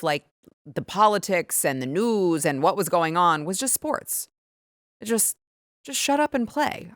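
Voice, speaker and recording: A woman with a fairly low voice hosts an opinion show in a sarcastic, indignant, animated manner. The sound is close and dry, with no room around her. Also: smooth, no room sound. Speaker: host. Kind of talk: opinionated commentary and ad read.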